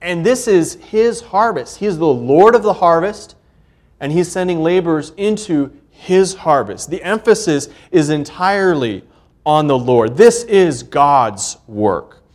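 A man preaching a sermon earnestly, building emphasis on key points and reading scripture aloud in old-fashioned wording. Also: a little high. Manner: reads scripture aloud in King James wording.

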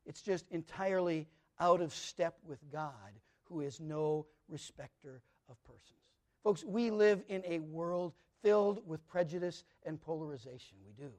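A man preaching a sermon, emphatic and repetitive, swinging from loud declarations to hushed asides. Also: on the high side, unhurried.

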